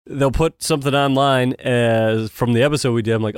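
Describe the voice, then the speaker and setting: A man's voice: medium pitch, steady tone, brisk, smooth, no room sound, studio quality. A man co-hosting a podcast, telling loose, jokey stories in casual chat. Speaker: podcast co-host.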